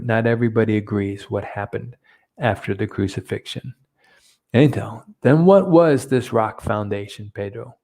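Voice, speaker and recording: Brief: male teacher, low gravelly voice, hesitant, lots of uhs. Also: darkish tone. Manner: hesitant, many fillers and restarts, switching between two languages. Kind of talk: bilingual Bible lesson.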